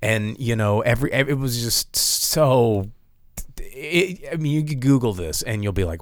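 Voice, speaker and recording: Talking about a movie he saw, a man co-hosting a podcast chats loosely and a bit crudely, with plenty of fillers and restarts. His fairly low voice is expressive and moderately paced, and there's no room sound.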